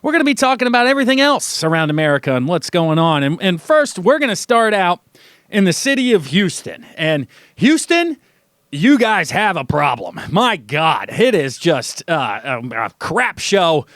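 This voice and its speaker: A young man runs a sports radio monologue in a high, lively voice, poking fun at what he reports. He talks casually in a radio studio, and his voice sounds close and dry. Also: moderate pace, dry recording. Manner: animated, mocking, acts out quotes in a high voice.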